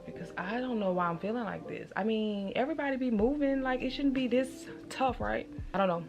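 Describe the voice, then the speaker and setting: Young woman vlogging from her apartment, lowish voice, emotional and chatty, music playing under her. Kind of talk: casual vlog diary.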